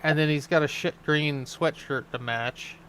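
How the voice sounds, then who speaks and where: A man's voice: on the high side, normal speed, a bit bright, a little hiss or hum. A man co-hosting a casual chat, mocking and swearing as he laughs his way through clips. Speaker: co-host.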